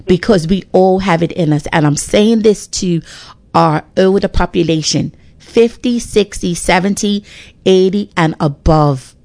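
A woman's voice: lowish voice, unhurried, creaky, darkish tone, dry recording. A middle-aged woman, giving emphatic, preachy faith encouragement on a radio talk show. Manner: emphatic, preachy, with frequent restarts.

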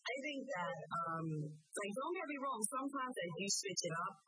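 A woman's voice: fairly high pitch, expressive, normal speed, sharp tone, breathy edge, dry recording, faint music behind, poor audio. A woman with a Bermudian accent, a local councillor talking casually in an interview with many fillers and restarts. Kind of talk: conversational interview.

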